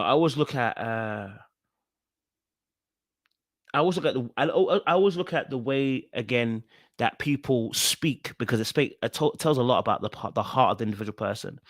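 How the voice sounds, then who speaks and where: A man giving casual commentary on a reality show, animated and full of fillers and restarts as he repeats his points. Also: medium pitch, normal speed, long pauses, dry recording, clean studio sound. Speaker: reaction video host.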